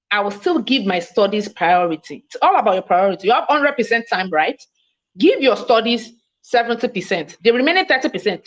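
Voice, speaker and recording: A woman from Nigeria with a Nigerian English accent, giving a fast, emphatic, self-assured online mentoring talk as a coach. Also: a little high, muffled recording. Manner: speaks fast, by her own account.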